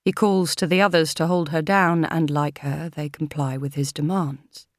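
A woman reading an audiobook in a measured, steady manner. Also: low-pitched, no echo, studio quality. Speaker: audiobook narrator. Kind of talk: audiobook narration.

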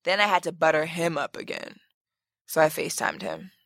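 A woman's voice: sits low, steady tone, moderate pace, a bit bright, dry recording, studio quality. A woman podcast host reading a listener's letter aloud as a brash, profane, sassy story.

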